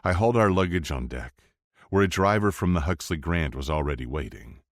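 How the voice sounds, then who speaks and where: A man narrating a first-person romance audiobook in a low, steady, intense delivery. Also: fairly quick, dry recording, studio quality.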